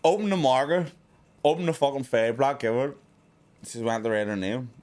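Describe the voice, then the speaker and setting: A man's voice: medium pitch, animated, brisk, darkish tone. A man in his thirties, a podcast co-host swapping stories in casual chat, laughing and swearing often.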